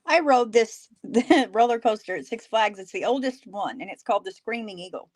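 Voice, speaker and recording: A woman co-hosts a casual live stream and chats about her own stories. Her voice sits a little high, and she laughs easily as she talks. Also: animated, moderate pace. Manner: chatty, laughs while telling stories. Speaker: co-host.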